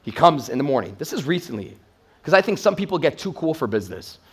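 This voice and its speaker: A man giving an energetic, blunt motivational talk as a sales trainer, telling stories and swearing freely. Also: fairly high pitch, fast talker, breathy edge. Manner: energetic, blunt storytelling with profanity.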